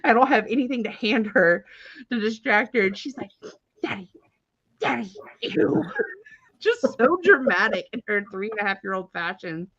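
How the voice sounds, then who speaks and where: A woman's voice: medium pitch, fairly quick, no room sound. Chatty woman hosting a live stream. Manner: animated, chatty, with many filler words and frequent laughter. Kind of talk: casual storytelling on a live stream. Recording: dull, dry, lo-fi stream audio.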